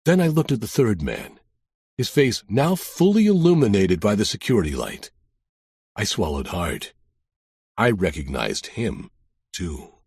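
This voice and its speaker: Husky-voiced male audiobook narrator. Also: fairly low pitch, big pitch swings, measured pace, a little mellow, no echo, studio quality. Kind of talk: first-person thriller narration.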